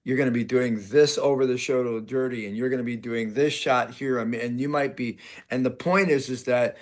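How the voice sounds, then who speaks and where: A man's voice: mid-range voice, fairly even intonation, fairly quick. A man with a mid-range voice hosts a casual interview podcast. He talks in long, rambling runs and often acts out the people he quotes. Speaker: podcast host.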